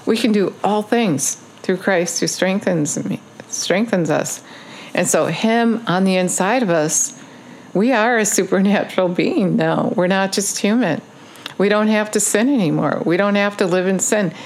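A woman giving a casual video sermon, urging listeners in earnest, repetitive phrases with frequent ums. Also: medium pitch. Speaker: online preacher.

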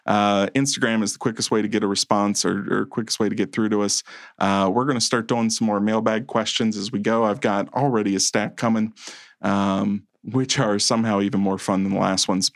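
A man co-hosting a casual podcast chat, animated and playfully over the top, making mock threats for laughs. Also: on the low side, fairly quick, dry recording, clean studio sound. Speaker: podcast co-host.

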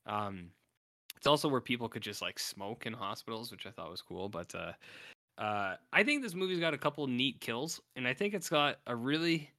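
A man's voice: medium pitch, animated, normal speed, pushed and bright. A man casually chatting on a podcast, rambling and acting out scenes in funny voices. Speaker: podcast co-host. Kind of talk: casual chat.

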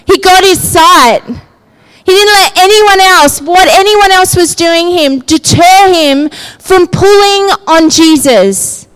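A woman preaches with a very high voice, taking her time over her words. Her delivery is conversational, and she keeps checking in with the room as she goes. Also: lively intonation, takes it slowly, fairly bright tone, rough recording. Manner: conversational, often checking in with the listeners. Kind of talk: sermon.

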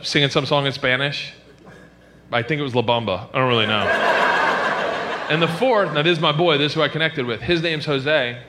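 A man doing a stand-up comedy set, telling stories animatedly and jumping into high squealing character voices. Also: very noisy. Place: comedy club stage.

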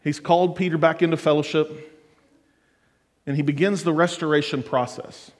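A middle-aged man preaching a sermon as pastor, earnest and building to fervent exhortation. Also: fairly high pitch. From United States. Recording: long hall reverb.

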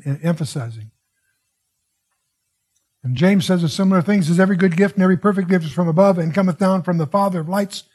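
A man's voice: fairly high pitch, dark tone, slightly rough. A man giving expository Bible teaching in a digressive, musing way, often breaking off with "wow" and restarting his sentences.

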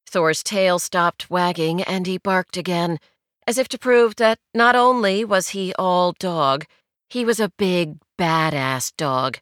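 A woman narrating a novel in a measured, wry storytelling manner, recorded on a studio mic. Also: on the low side, fairly bright tone, clean tone, no room sound. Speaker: audiobook narrator. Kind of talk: scripted narration.

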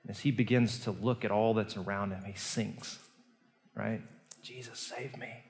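A male pastor preaching a sermon, telling the story earnestly and moving between hushed and emphatic delivery. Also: fairly low pitch, fairly even intonation, moderate pace. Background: soft guitar music.

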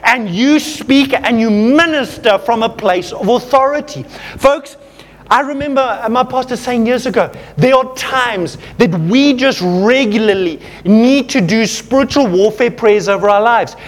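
A man's voice: very high voice, a little slow. A man preaching a sermon, telling a story to his congregation and calling them folks, growing fervent as he goes.

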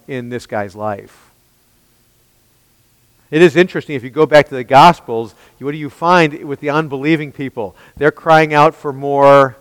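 Emphatic preacher man, smooth voice. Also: a little high, fairly bright tone, dry recording, big-room sound, poor audio. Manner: emphatic, asks the listeners rhetorical questions. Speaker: pastor. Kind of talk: expository sermon.

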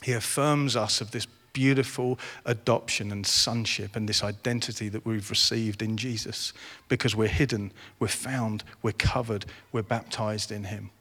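A man's voice: fairly low pitch, fairly even intonation, normal speed, few pauses, fairly bright tone. A man in his forties preaching a sermon, earnest and rising to impassioned. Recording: reverberant hall.

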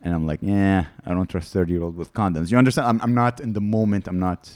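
A man's voice: low voice, steady tone, fast, darkish tone, no echo, clean studio sound. A man, a comedian guest on a podcast, telling rambling candid stories in casual chat. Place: studio.

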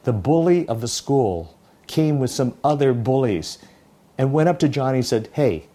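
Mellow-voiced preacher telling a parable. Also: male voice, mid-range voice, lively intonation, normal speed. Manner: storytelling, conversational. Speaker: pastor. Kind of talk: sermon.

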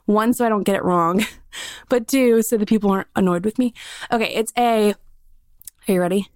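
Speaking at a moderate pace with a mid-range, somewhat dark tone and no echo, a Southern-accented woman hosts her podcast on her own. She chats into a studio mic in a casual, bubbly manner loaded with fillers.

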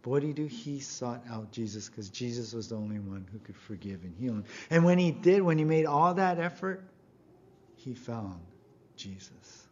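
A man's voice: medium pitch, expressive, normal speed, lo-fi sound. A man preaching a sermon as pastor, earnest and emphatic, often asking his listeners questions.

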